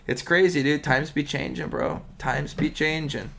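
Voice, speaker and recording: A male podcast co-host chatting in a loose, slangy way. His voice sits a little high for a man. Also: fairly even intonation, unhurried, gravelly, fairly bright tone. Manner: loose, slangy, keeps saying dude. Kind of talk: casual chat.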